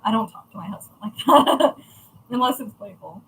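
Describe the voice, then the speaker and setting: A young woman with a high, bright voice talks straight to her viewers in a loose, chatty way. She's blunt and swears freely. There's a faint hum of room ambience behind her. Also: expressive, moderate pace, gravelly, rough recording. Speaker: crafting channel host. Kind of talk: casual chat to viewers.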